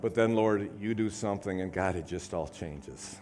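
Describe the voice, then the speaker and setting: A man's voice: lowish voice, moderate pace, darkish tone, soft background music. A man preaching a sermon to a congregation, fervent, repeating phrases and calling out to the room. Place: church service.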